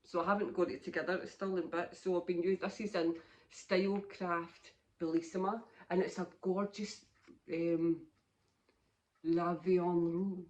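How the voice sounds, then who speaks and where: A woman's voice: on the low side, little pitch movement, moderate pace, lo-fi sound. Chatty Scottish woman in her fifties. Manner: chatty, rambling, laughs often. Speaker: knitting podcast host. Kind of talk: casual chat.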